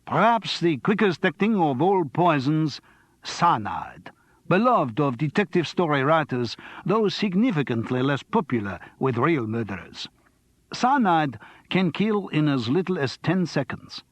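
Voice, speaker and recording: A man's voice: a little high, big pitch swings, unhurried, no echo, pitched above the performer's own voice. A man voicing a theatrical crime-show presenter who lectures in an exaggerated French accent. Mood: hammy. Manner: hammy, lecturing.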